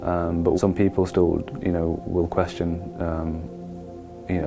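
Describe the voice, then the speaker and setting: A man speaks in an interview, pausing often with fillers. His voice is very deep and flat, and music plays clearly behind him. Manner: hesitant, many fillers. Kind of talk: interview statement.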